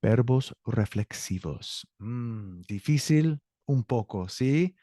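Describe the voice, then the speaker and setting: A man's voice: medium pitch, expressive, slow pace, dark tone, a little hiss or hum. A man teaching a Spanish class to students, encouraging them and correcting himself as he goes. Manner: upbeat, encouraging, self-correcting. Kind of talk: online class lesson.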